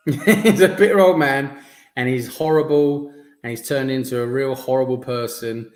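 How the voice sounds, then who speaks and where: A man's voice: medium pitch, unhurried. A man hosting a podcast in casual chat, enthusiastic, often stumbling and repeating words. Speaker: podcast host. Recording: echoey room.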